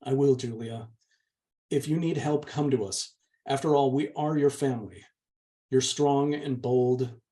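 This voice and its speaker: A man's voice: mid-range voice, fairly even intonation, unhurried, natural voice. A man voicing a meek, pleading young sister. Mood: tender. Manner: soft, pleading. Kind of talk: audiobook reading.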